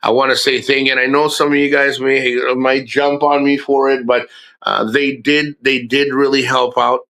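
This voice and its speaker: A man's voice: medium pitch, level tone, moderate pace, bright, forceful tone. A middle-aged man streaming live, talking casually and candidly, swearing and restarting his sentences often. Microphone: streaming microphone.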